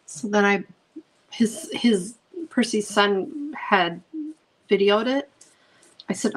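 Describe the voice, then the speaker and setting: A woman's voice: medium pitch, slow, long pauses, low-quality recording. A middle-aged woman, a craft channel host chatting casually while she paints, gushing storyteller with many ums.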